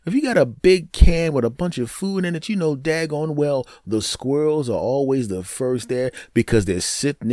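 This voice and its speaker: A man hosting his own podcast, telling a comic story in an animated, jokey monologue. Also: no echo, clean studio sound. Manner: animated, jokey, wide swings in pitch. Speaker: podcast host.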